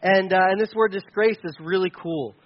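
A man preaching a sermon in an earnest, conversational way, with many restarts and asides, rising to loud pleading and dropping to quiet remarks. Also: high voice, moderate pace. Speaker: pastor. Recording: dull lo-fi sound.

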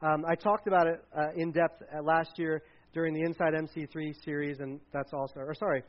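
A man's voice: fairly high pitch, little pitch movement, fairly quick, lo-fi sound. A man preaching a casual sermon as pastor, conversational with many fillers and restarts.

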